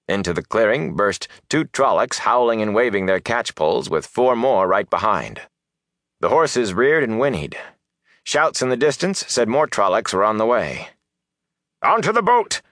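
A man narrating a fantasy audiobook with expressive, lively storytelling. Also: lowish voice, normal speed, dry recording, clean studio sound.

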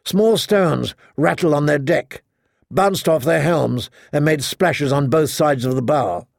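A man narrating a story as an audiobook reader, in a steady, measured reading style. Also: on the high side, gravelly, no echo, studio quality. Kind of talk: scripted narration.

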